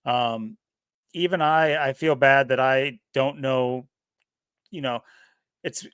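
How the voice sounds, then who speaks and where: Man, podcast co-host, casual rambling chat, medium pitch, dry recording. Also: slow, clean tone, no room sound. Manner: rambling, animated, laughs often.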